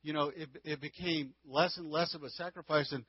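A man's voice: on the high side, fairly even intonation, fairly quick, husky, dry recording, dull audio. A man giving a casual, folksy church lesson on marriage into a handheld microphone, with frequent restarts. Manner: folksy, conversational teaching with many restarts. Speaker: marriage teacher. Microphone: handheld mic.

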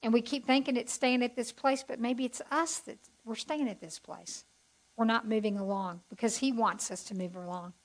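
A woman's voice: a little high, fairly even intonation, moderate pace, rough recording. A woman giving a chatty, heartfelt testimony as a Bible teacher to a group. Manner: folksy, chatty and heartfelt, with asides to the audience.

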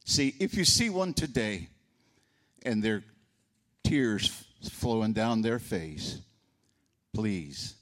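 A man's voice: fairly low pitch, expressive, takes it slowly, pauses often, a bit bright. An older man giving a folksy eulogy for his sister, telling stories and acting out the voices in them. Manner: folksy storyteller, acts out voices. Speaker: eulogist, brother of the deceased. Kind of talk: memorial eulogy with storytelling.

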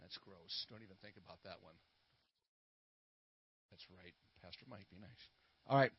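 A man's voice: sits low, normal speed, lo-fi sound, slight background noise. A middle-aged man, preaching a sermon with prayers, full of playful corny jokes. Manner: playful, corny jokes and laughs at his own puns.

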